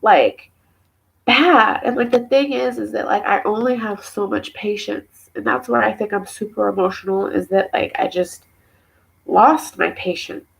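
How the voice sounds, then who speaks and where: A woman's voice: mid-range voice, measured pace, creaky, rough recording. A young woman and mother, tearful and emotional, venting at length in a personal vlog, rambling with many fillers. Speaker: mother talking to camera.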